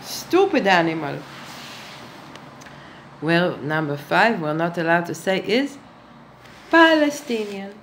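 A woman's voice: on the low side, very animated, slow pace, long pauses, fairly bright tone, a little hiss or hum, rough recording. A woman giving a sarcastic monologue to camera, speaking with mock-earnest irony and addressing her viewers as children. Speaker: satirical vlogger.

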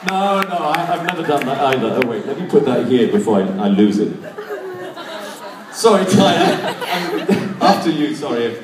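A man's voice: a little high, very animated, normal speed. A man joking and laughing bawdily while he banters on a convention panel stage. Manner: bawdy, playful, laughing. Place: large convention hall. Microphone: audience handheld recording. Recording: echoey hall from far off, crowd noise.

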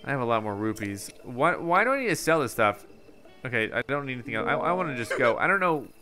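A man's voice: medium pitch, sing-song, quick pace, music in the background. A man doing casual let's play commentary, musing to himself and easily distracted. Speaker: gaming video host.

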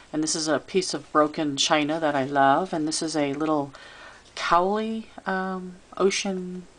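Low-voiced woman chatting about her craft. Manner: chatty and relaxed, with fillers and little asides. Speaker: crafter showing her handmade album. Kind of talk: casual show-and-tell craft video. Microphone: camera she handles while filming.

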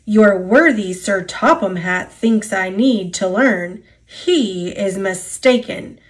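A woman's voice: mid-range voice, takes it slowly, natural voice, poor audio. A woman voicing a smug male diesel engine who talks in an oily, boastful way.

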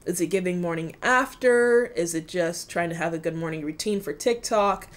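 A young woman chatting casually and excitedly as she reacts to an album at home. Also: lowish voice, moderate pace. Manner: excitable, squealing, laughing. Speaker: music reaction YouTuber.

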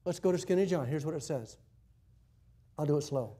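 A male pastor preaching in a church with a slightly higher-than-average voice. He tells stories with animated energy, jumping from loud declarations to hushed asides. His delivery is conversational but emphatic. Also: a little fast, long pauses, breathy edge. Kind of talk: sermon.

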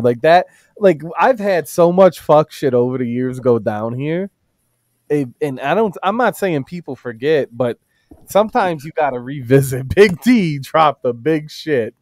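A man's voice: on the high side, expressive, unhurried, a little mellow, no room sound, clean studio sound. A man hosting a casual live stream, reading chat messages aloud and joking crudely with friends. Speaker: stream host.

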